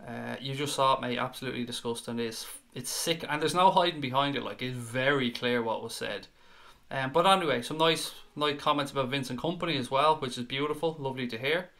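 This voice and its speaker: Bright-voiced Irish stream host. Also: male voice, medium pitch, fairly quick. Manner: chatty, earnest, repeats words when worked up. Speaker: fan show host. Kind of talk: live-stream chat reading viewer comments.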